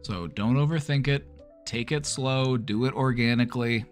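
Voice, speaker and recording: A man's voice: mid-range voice, moderate pace, soft background music. Easygoing male livestream host chatting. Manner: relaxed, chatty, talks to his dog mid-stream. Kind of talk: casual livestream chat. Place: home.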